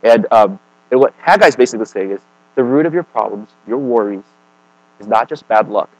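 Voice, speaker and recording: A man preaching a sermon in a casual, conversational way, often checking in with "right?" and "okay?", swinging between emphatic and quiet. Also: mid-range voice, animated, a little fast, no room sound, poor audio.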